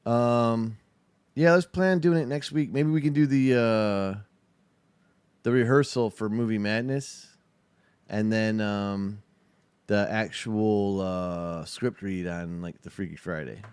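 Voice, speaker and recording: A man's voice: lowish voice, takes it slowly, a little mellow, smooth, dry recording. A man hosting a casual livestream, chatting about a video in a profane, rambling, laid-back way. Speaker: show host.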